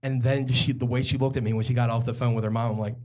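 A man's voice: medium pitch, flat delivery, fast talker, a little mellow. A young man from Philadelphia telling a true story on stage at a live comedy podcast, rambling and self-mocking with plenty of fillers.

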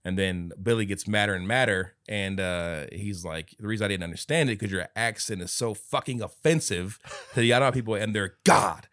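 A man's voice: on the low side, fairly quick, hardly any pauses, fairly bright tone, dry recording, clean studio sound. A man co-hosting a casual movie review podcast, swearing freely, laughing often and acting out quotes as he retells scenes. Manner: profane, laughing storyteller who acts out quotes. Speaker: podcast co-host.

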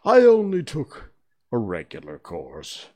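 A man voicing a sorrowful, sobbing male Mock Turtle in a storybook reading, slow and breathy. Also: medium pitch, wildly swooping pitch, dark tone, voice pushed up. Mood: mournful.

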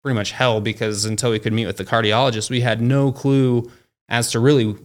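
A man's voice: medium pitch, steady tone, fairly quick. A man who founded a company, speaking as a guest and telling a story casually, with plenty of fillers like "like" and "you know". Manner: acts out quoted dialogue in his stories.

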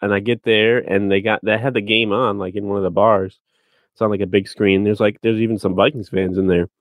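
A man co-hosting a podcast, chatting casually and then arguing sports points in a relaxed way. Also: fairly low pitch, brisk, no room sound. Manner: relaxed, breaks into argued points. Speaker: podcast co-host. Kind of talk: casual chat and sports analysis.

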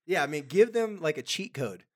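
A man's voice: on the high side, moderate pace. Man, podcast host, casual chat, easygoing, coughs now and then. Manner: relaxed, with frequent ums and quoted voices.

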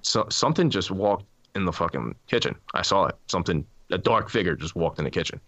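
Podcast host, man, low dry voice, swears freely, retells spooky stories with restarts. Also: fairly quick, no room sound, muffled recording. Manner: swearing, animated storytelling with many restarts. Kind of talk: casual podcast chat about ghost stories.

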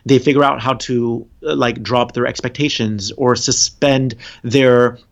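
A man's voice: medium pitch, steady tone, unhurried, gravelly. A man talking earnestly about relationships and spirituality as a podcast guest, rambling and laughing often. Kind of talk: casual podcast conversation. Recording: dull lo-fi sound.

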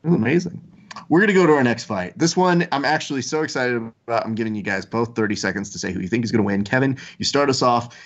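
A man hosting a relaxed podcast chat at a middle pitch, joking and ribbing his guests as he runs each segment. The sound is slightly dull and lo-fi. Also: fast talker. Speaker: podcast host.

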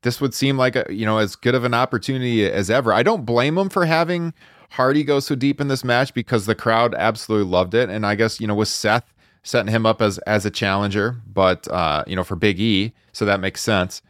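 A man co-hosting a podcast who reviews wrestling in casual chat, wry and laid-back and quick to laugh. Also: fairly low pitch, fairly bright tone, no room sound, studio quality. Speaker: podcast co-host.

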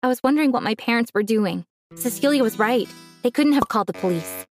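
A woman narrating a first-person story in a calm, earnest way. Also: on the high side, fast, soft background music.

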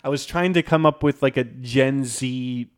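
A man's voice: medium pitch, moderate pace, smooth. A young man co-hosting a podcast, telling a story in a casual, chatty, self-deprecating way with lots of fillers. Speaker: podcast co-host.

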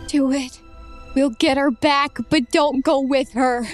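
A woman playing a tabletop game, excitable and heckling the story from the side. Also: sits high, slow pace, soft background music. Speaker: player. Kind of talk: casual tabletop play.

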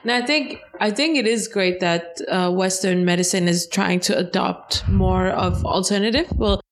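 A woman hosting a casual chat, supportive and quick to agree. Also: mid-range voice. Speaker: podcast host.

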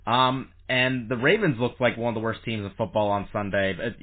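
A man's voice: lowish voice, a little fast. A man hosting a sports podcast, chatting casually with fillers and plugging the show. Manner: chatty, promotional, with frequent fillers. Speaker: podcast host. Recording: tinny phone-line sound.

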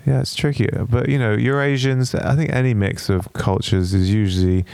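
A man's voice: mid-range voice, steady tone, normal speed, gravelly, darkish tone, dry recording. A man hosting a casual podcast, speaking hesitantly and repeating his words. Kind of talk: casual chat.

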